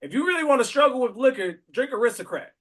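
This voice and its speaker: A man's voice: very high voice, very animated, fast, fairly bright tone, soft background music. A man hosting a podcast, joking and rambling in a playful, casual way. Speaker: podcast host.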